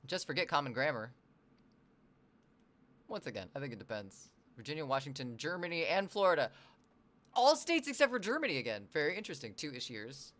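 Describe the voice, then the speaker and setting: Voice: mid-range voice, big pitch swings, a little fast, pauses often, a bit bright. A livestreamer from the US Northwest who chats casually with viewers, reads chat messages aloud, rambles and swears now and then.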